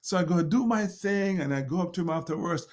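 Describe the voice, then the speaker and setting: A middle-aged man with a Jamaican accent, a motivational speaker telling lively stories as an interview guest and acting out quoted lines. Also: high-pitched, brisk. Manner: animated storyteller, laughs often, acts out quotes. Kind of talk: interview storytelling.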